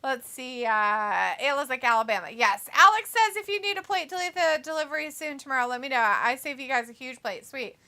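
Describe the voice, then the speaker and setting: Chatty woman reading out chat on a livestream, kinda high bright voice, laughs a lot. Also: fairly quick, hardly any pauses. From United States. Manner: chatty, laughs often, reads chat messages aloud. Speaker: co-host reading live chat.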